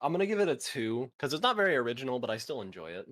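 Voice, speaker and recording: A man's voice: mid-range voice, big pitch swings, rapid-fire, fairly bright tone. A man in his twenties chatting casually with a friend, swearing now and then and reading facts aloud. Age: 20s. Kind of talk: casual chat.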